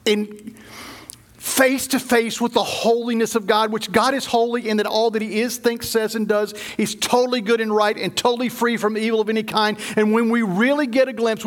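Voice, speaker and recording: A man preaching a sermon, dramatic, dropping to low hushed tones for emphasis and acting out the voices he quotes. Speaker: pastor.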